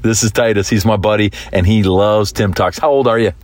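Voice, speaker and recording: A man's voice: lowish voice, fairly even intonation, fairly quick, dry recording. A man hosting a podcast, teasing and joking playfully with a young guest. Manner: teasing, jokey. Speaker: podcast host. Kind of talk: playful chat with a child guest.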